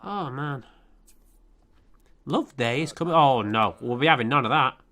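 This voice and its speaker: A man's voice: medium pitch, animated, a little slow, sharp tone. Sarcastic man cursing at game characters. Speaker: let's play commentator. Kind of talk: commentating over a life-sim game.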